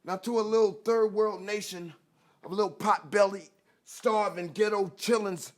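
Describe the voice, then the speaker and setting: A man performing spoken word poetry in a rhythmic, defiant delivery that swings from soft to shouted. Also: high-pitched, fairly even intonation, moderate pace. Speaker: performance poet.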